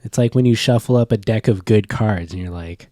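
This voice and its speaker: A man's voice: lowish voice, a little fast, warm tone, no echo, studio quality. A young man, co-host of a podcast, chatting casually and joking with frequent laughs. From California. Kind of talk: casual chat.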